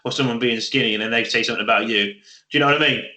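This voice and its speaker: Bright-voiced young co-host, laughs through crude stories, echoey room. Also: male voice, mid-range voice, steady tone, rapid-fire. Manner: laughing, storytelling, swearing. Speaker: podcast co-host. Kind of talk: crude casual chat.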